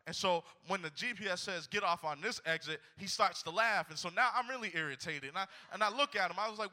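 A young man preaching a sermon, telling a story and then rising into shouted exhortation. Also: high voice, a little fast, hardly any pauses.

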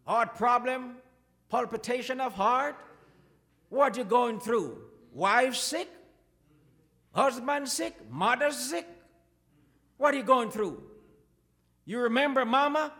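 A male preacher delivering a fervent sermon, his high, bright voice swooping widely through each phrase. He takes his time, pressing questions one after another at an unhurried pace. The sound carries the long reverb of a church hall. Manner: impassioned preaching with repeated questions.

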